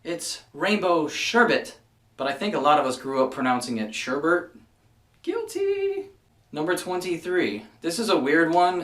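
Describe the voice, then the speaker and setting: A man's voice: medium pitch, a bit bright. A man talking casually to his viewers in a wry, chatty way. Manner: chatty, wry, fond of mild exasperation. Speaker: vlogger. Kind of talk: casual list video. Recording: echoey room, somewhat far from mic.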